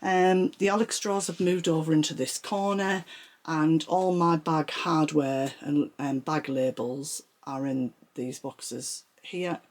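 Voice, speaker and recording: A woman's voice: low-pitched, steady tone, slow, a little mellow. A woman giving a chatty tour of her home sewing room, a little out of breath as she walks the camera round. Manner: chatty, rambling, shows things as she talks. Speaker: sewing vlogger. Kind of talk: casual room-tour chat.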